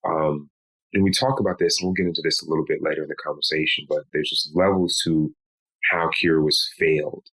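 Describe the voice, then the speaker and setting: Deep-voiced man telling a personal story. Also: steady tone, fairly bright tone, low-quality recording. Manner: slow, measured telling with pleading quoted lines. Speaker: guest.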